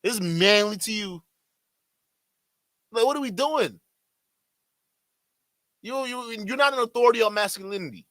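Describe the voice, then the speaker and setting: A man streaming and reacting to a debate clip, ranting loudly and swearing as he talks to his chat. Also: sits high, normal speed, long pauses, dry recording. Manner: loud, heated, swearing rants. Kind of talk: commentary to chat.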